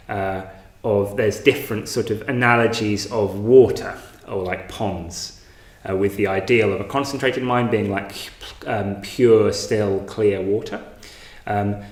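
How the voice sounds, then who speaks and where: Male meditation teacher, low voice, hesitant and loose, roomy home recording. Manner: hesitant, many fillers and restarts. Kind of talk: informal meditation talk. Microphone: online class, home recording.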